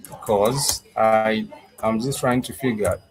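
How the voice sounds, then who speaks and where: A man with a fairly low voice teaches a live online language class. He thinks aloud as he goes and repeats phrases over and over, filling his pauses with ums and uhs and restarting his sentences. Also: fairly even intonation, faint music behind. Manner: repetitive, thinking aloud, many fillers and restarts. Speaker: Swahili teacher.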